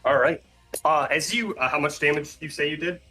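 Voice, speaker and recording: Bright-voiced man running a tabletop game. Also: fairly high pitch, fairly quick, faint music behind. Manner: rambling, many fillers and restarts. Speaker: game master. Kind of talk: narrating a tabletop game over a call.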